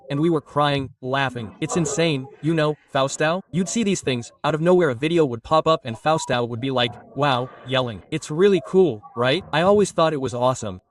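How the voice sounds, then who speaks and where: A man doing a stand-up comedy set, telling stories with lively crowd work and swearing. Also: on the high side, far from the mic. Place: comedy club stage.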